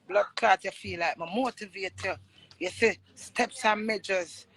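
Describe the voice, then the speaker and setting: A woman's voice: medium pitch, unhurried, a bit bright, breathy edge, rough recording. A young Jamaican woman vlogger ranting in an angry, accusing way, swearing often. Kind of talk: heated rant.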